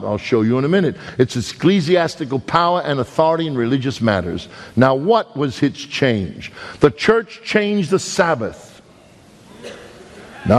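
A man with a Brooklyn accent preaching a sermon, telling stories and pressing his points with big swings in his voice. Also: a little mellow. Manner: storytelling, dramatic swings in pitch, emphatic. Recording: long hall reverb.

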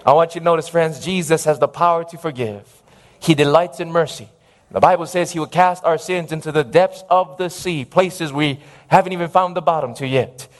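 Male preacher, high-pitched, animated sermon delivery with calls for amen. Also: moderate pace.

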